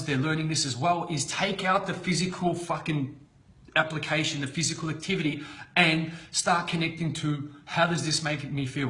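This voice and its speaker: A man giving an unscripted motivational talk on a live stream, blunt and excitable, swearing constantly. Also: fairly high pitch. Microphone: computer webcam.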